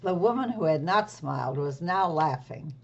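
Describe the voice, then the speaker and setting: A woman reading a storybook aloud to children, explaining gently as she goes. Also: low-pitched, animated, moderate pace, gravelly, highs cut off, a little hiss or hum.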